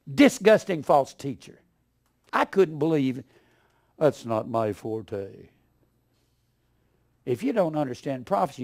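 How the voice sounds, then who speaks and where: An older man delivers a fiery sermon with a gravelly, fry-laced voice pitched a touch high. He rants with open scorn, dropping to low mutters and then rising to loud outbursts. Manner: scornful, ranting, swings from mutters to shouts. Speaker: preacher.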